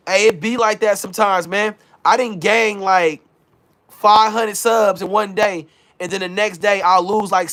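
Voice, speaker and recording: Here a livestream host with a high-pitched, fairly bright voice keeps things casual and slangy, reading chat messages aloud and hyping everyone up.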